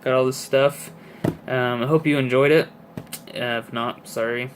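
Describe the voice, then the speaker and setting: A man's voice: medium pitch, steady tone, unhurried, a little hiss or hum. Rambling young man showing off toys. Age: 20s. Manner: rambling, filler-heavy, chatty. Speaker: toy collector vlogger. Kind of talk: casual chat.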